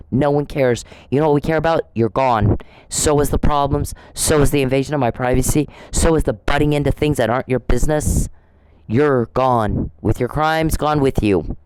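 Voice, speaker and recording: A woman's voice: rumbling low, brisk, a little mellow, clean tone, dry recording, low-quality recording. A woman hosting her own channel, delivering an angry, profane, accusatory rant straight at the person she blames, hammering the same insults again and again. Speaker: channel host. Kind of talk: angry direct-address rant.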